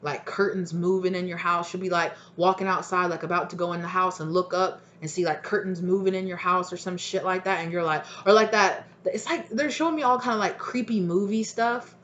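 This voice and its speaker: Talking fairly quickly with hardly any pauses, this tarot reader has a lowish, fairly bright voice. Her casual reading is blunt and rambling, packed with fillers and free swearing, and she mimics people's reactions in quoted voices. The recording sounds muffled.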